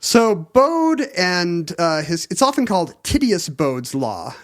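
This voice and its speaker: A man's voice: high-pitched, sing-song, takes it slowly, dry recording, clean studio sound. A middle-aged man co-hosting a casual podcast, explaining history with wry jokes. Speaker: podcast co-host. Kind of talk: casual chat.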